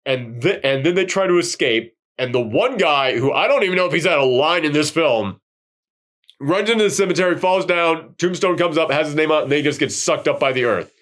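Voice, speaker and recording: Male podcast host, fairly high voice, rambling and excitable. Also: brisk. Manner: excitable, rambling, swears freely. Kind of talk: casual film recap chat.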